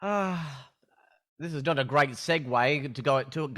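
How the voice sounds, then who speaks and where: A man's voice: a little high, unhurried, a bit bright. A man hosting an interview who stumbles and repeats words as he asks his questions. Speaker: interview host.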